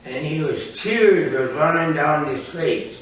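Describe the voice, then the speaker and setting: A man in his nineties telling old war stories in an interview, halting and often searching for words. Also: a little high, animated. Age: 90s. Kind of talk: storytelling in an interview. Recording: roomy sound from a distant mic.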